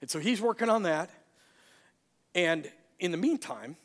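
A man preaching a sermon, an animated storyteller who acts out the characters. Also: high-pitched, unhurried, in a large hall. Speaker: pastor.

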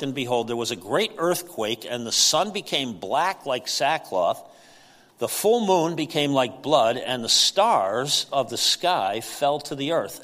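A man's voice: mid-range voice, bright, forceful tone. A man preaching a sermon in a conversational way, with frequent fillers and emphatic rises. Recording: long hall reverb.

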